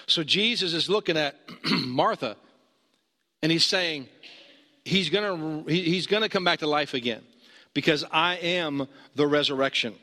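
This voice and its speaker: A man preaching a sermon as pastor, earnest, rising high when he urges and dropping low and slow for emphasis. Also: bright, forceful tone, in a large hall.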